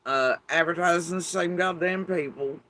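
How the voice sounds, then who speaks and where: A man's voice: a little high, normal speed, bright, forceful tone, a little hiss or hum, poor audio. A middle-aged man talking to his YouTube audience in a casual, wry and meandering way, swearing freely. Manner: profane, wry, meandering with fillers. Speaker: YouTube commentator. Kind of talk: casual rambling monologue.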